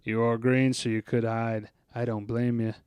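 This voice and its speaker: A man voicing a sly, odd assistant groundskeeper who mutters in a low drawl. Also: level tone, moderate pace, clear, resonant tone, dry recording, muffled recording, close to an everyday voice. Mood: muttering.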